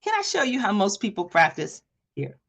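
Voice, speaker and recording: A woman coach giving an energetic live online workshop, asking the audience questions and acting out quoted speech with a lifted voice. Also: mid-range voice, moderate pace. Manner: energetic, talks straight to the audience with repeated questions. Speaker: presentation coach. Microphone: video call.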